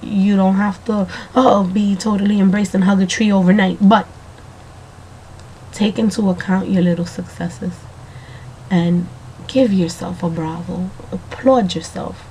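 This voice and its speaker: A woman keeping a casual video diary, chatty and rambling, talking straight to the viewer, slightly hoarse from allergies. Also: medium pitch, fairly even intonation, a little slow, dark tone, a little hiss or hum.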